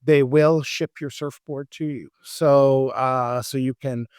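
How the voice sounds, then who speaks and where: A man's voice: mid-range voice, steady tone, takes it slowly, a little mellow, smooth, dry recording, studio quality. A man co-hosting a casual travel podcast, rambling with many fillers and restarts. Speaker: podcast co-host.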